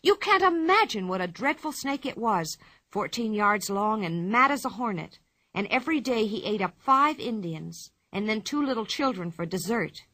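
A cheeky, chattering little girl spins tall tales in a bright, lively voice that jumps around in pitch, as a woman reading the story puts her on. The sound is dry and close. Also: normal speed, dry recording. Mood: boastful. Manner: excited and boastful, higher and louder. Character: bold chattering young girl, boastful and cheeky.

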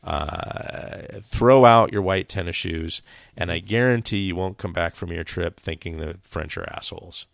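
Gravelly-voiced man, opinionated and profane podcast co-host, dry mic. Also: low-pitched, a little slow, few pauses, dry recording. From Seattle, USA. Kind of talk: casual chat.

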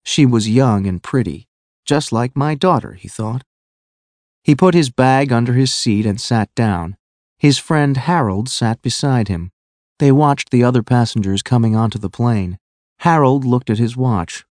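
A man narrating a graded-reader audiobook in a clear, measured way. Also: mid-range voice, animated, a little mellow, no room sound.

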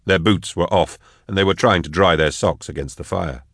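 A man narrating an audiobook in an even, measured delivery. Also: sits low, no echo, studio quality. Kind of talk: scripted narration.

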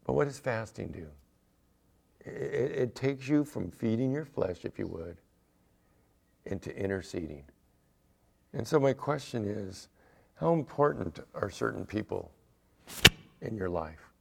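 A man preaching a sermon as pastor, lively and playful, acting out small everyday scenes with humor. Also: fairly low pitch, unhurried, gravelly, pauses often. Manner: animated, acts out little scenes with humor.

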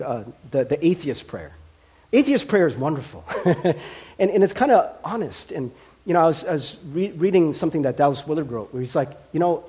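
A male pastor preaches in a chatty, conversational way, laughing often between points. His voice sits fairly high and swings widely as he gets animated, with plenty of fillers along the way. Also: slightly rough. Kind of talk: sermon.

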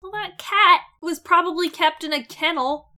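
A woman's voice: very high voice, normal speed, bright, forceful tone. A woman co-hosting a casual podcast chat about a cartoon episode, sarcastic and swearing freely. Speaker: podcast co-host.

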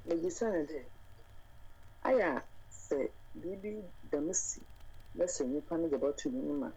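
Ghanaian woman, husky voice, calm explanatory chat. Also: sits low, moderate pace, rough recording. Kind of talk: casual conversation in Twi.

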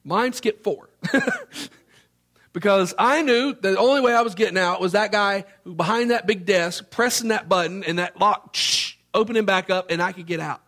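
A man, from Memphis, Tennessee, preaching a sermon as an animated storyteller who acts out the scenes. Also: high voice, moderate pace.

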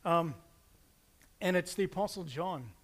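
A man preaching a sermon, telling stories in an animated way and acting out quotes with playful asides. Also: sits high, unhurried. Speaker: pastor.

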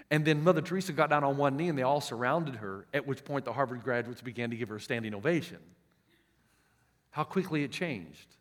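A male pastor with a Southern US accent preaching a sermon, telling stories emphatically and often restarting his words. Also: fairly high pitch. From United States. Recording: long reverb of a large hall.

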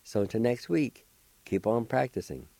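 A man hosting a language lesson on radio, slowly spelling words letter by letter and pronouncing them with patient encouragement. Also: medium pitch, sing-song, vocal fry, warm tone, dry recording. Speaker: language radio show host. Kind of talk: slow spelling and pronunciation lesson.

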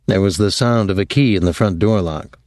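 A man narrating an audiobook in a measured, even storytelling voice. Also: sits low, dry recording, clean studio sound. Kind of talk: scripted narration.

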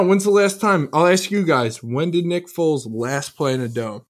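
Boastful man pitching sports bets. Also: normal speed, hardly any pauses. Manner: boastful, animated. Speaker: sports betting co-host. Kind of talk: casual sports betting talk.

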